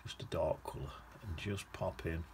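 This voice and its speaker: A man's voice: low voice, fairly even intonation, normal speed, darkish tone, in a whisper. A man teaching watercolour painting in a chatty, rambling way, humming to himself as he paints. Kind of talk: casual painting demonstration.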